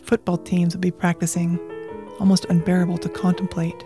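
An adult from Colorado reading personal journal entries aloud in a quiet, measured way, at times dropping into a whisper. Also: mid-range voice, completely flat delivery. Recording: dry close mic with faint music.

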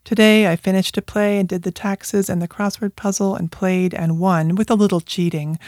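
An adult from Colorado reading personal journal entries aloud in a quiet, measured way, at times dropping into a whisper. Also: medium pitch, fairly even intonation, no room sound. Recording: dry close mic with faint music.

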